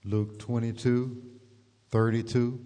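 A man in the congregation reading scripture aloud slowly and evenly. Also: mid-range voice, level tone, mellow. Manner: slow, measured reading. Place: church. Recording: distant voice with long church reverb.

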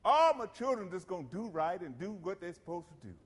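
A man's voice: sits high, very animated, a little fast, slightly rough, in a large hall. A middle-aged man from South Carolina, preaching a sermon in a church with emphatic call-and-response.

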